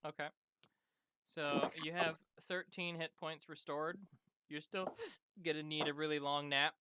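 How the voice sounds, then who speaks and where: A game master running a tabletop game over voice chat, giving quick instructions and laughing often. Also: medium pitch, steady tone, very noisy.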